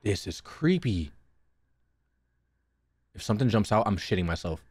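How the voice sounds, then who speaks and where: A man's voice: on the low side, sing-song, moderate pace, a little mellow, breathy edge, dry recording, clean studio sound. A young man streaming a horror game, talking nervously and swearing in casual commentary. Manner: jumpy, swearing, nervous chatter to chat.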